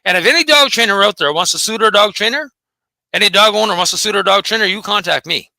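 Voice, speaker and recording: Host: man, high bright voice, rapid profane rant, dry close mic. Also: dry recording. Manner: profane, combative, taunting. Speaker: host of a dog behavior channel. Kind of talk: angry solo rant.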